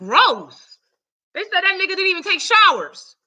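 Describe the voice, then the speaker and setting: A woman hosting her own live stream, ranting loudly and cursing heavily in casual talk. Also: very high-pitched, sing-song, normal speed, low-quality recording. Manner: loud, profane, heated. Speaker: channel host.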